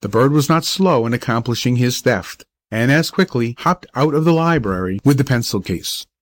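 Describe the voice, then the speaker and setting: A man reads an old-fashioned story in a measured, steady way. His voice sits at an ordinary middle pitch. The sound is close and dry, with no room echo. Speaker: narrator. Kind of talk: storybook reading.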